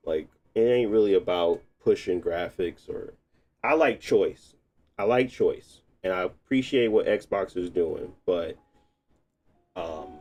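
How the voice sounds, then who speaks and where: A man streaming live, chatting casually while tinkering with settings, thinking out loud and laughing often. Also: low-pitched, slight background noise. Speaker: gaming streamer.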